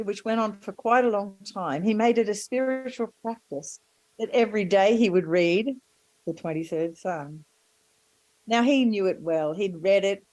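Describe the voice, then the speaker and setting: A woman preaching a sermon and telling stories gently, with warm asides to the congregation. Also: medium pitch, dry recording, low-quality recording.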